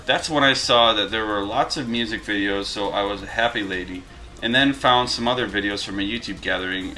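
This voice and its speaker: A man's voice: fairly low pitch, bright, forceful tone. A man in his thirties from Western New York, chatting casually as he reads viewer mail aloud with asides, at home with his dogs. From Western New York, USA. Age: 30s. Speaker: vlogger reading viewer mail. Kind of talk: casual vlog. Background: dogs wrestling.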